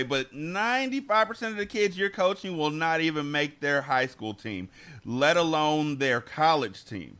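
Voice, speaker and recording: On dull audio, a man co-hosting a podcast speaks in an expressive voice, a little high and a bit bright, at a measured pace. His candid, conversational talk is earnest and reflective, and he frequently restarts his sentences.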